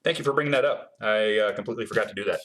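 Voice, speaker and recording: Answering viewer questions he reads aloud, a man builds guitars on a laid-back livestream, talking chattily and filling gaps with ums. His voice is fairly low and fairly bright, and he races along.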